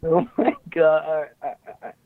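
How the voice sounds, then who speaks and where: A man's voice: fairly high pitch, fairly quick, creaky, no echo. Young man calling in over a tinny phone line. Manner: lively, laid-back, gaming while on the call. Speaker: caller. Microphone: phone call.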